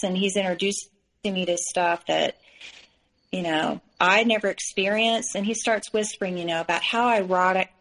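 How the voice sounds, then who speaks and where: Brief: woman guest, mid-pitched, frank chatty storyteller, lots of fillers. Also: a bit bright, poor audio. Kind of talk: personal story in an interview.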